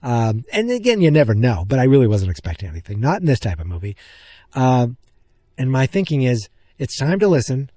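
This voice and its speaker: A man hosting a podcast, excitedly retelling a film's scenes in a rambling, casual way. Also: mid-range voice, a little fast, no room sound. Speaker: podcast host. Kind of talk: casual movie recap.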